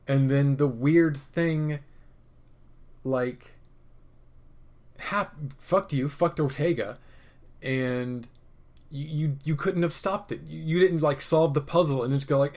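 A man casually recapping a TV episode, opinionated and profane, rambling with restarts and swinging between loud rants and muttered asides. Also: mid-range voice, expressive, normal speed. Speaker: podcast host reviewing a TV episode.

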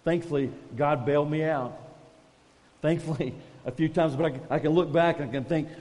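A man's voice: fairly high pitch, fairly even intonation, normal speed, darkish tone, in a large hall. A man preaching a conversational, self-deprecating sermon as a pastor, calling his listeners folks.

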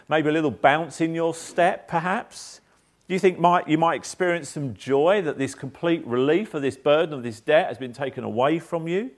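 A man preaching a sermon, acting out quotes and asking the listeners questions. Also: on the high side. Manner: animated preaching with acted quotes. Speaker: pastor.

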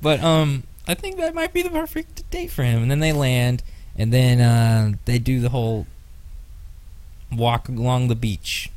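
A young man co-hosts a casual movie podcast in a playful, chatty way. He laughs often and keeps things light. His voice sits at an ordinary middle pitch. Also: lively intonation, unhurried, darkish tone. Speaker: podcast co-host. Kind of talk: casual chat.

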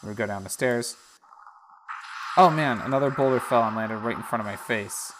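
A man's voice: mid-range voice, moderate pace. A man hosting a let's-play podcast who chats casually while narrating the game on screen. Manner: chatty, narrates the game dialogue aloud. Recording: noisy background.

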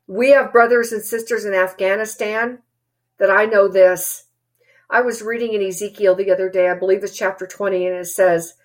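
A woman's voice: mid-range voice, steady tone, moderate pace. Urgent, earnest woman preacher. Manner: earnest, urgent, rising to emphatic outbursts. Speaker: Christian preacher. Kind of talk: impassioned sermon with read-aloud letter.

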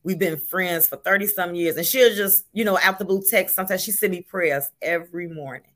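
An older woman, a grandmother, chats earnestly as a talk-show guest in a lowish, slightly bright voice at a brisk pace. She often repeats words while making her point.

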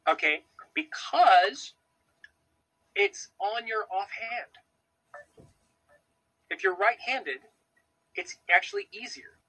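A man's voice: high-pitched, sing-song, slow, pauses often, pushed and bright, rough recording. A man from the United States co-hosting a podcast from Australia, rambling enthusiastically with many fillers. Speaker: podcast co-host. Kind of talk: casual chat. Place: home in Australia.

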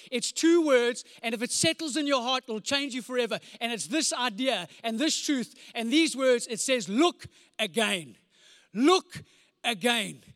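A man in his forties, a pastor preaching with animated, comic storytelling, sound effects and repeated phrases. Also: very high voice, clear, resonant tone, dry recording, studio quality. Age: 40s. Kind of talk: storytelling sermon.

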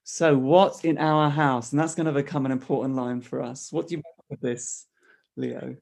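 A man's voice: mid-range voice, steady tone, normal speed, creaky, dark tone. A man co-hosting a casual discussion of a play, thinking aloud and often restarting his sentences. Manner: thoughtful, with frequent restarts. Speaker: podcast co-host discussing a play. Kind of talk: casual analytical chat.

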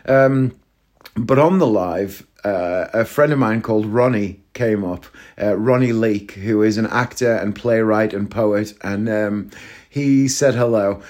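A man's voice: mid-range voice, darkish tone. A man in his thirties hosting a solo comedy podcast, rambling and self-deprecating as he tells stories. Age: 30s. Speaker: podcast host and actor. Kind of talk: casual comedic monologue.

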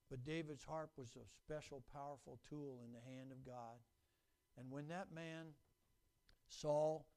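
An older man preaching a sermon as pastor, folksy and animated, acting out quotes and stories. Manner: folksy, animated, acts out quotes in high voices.

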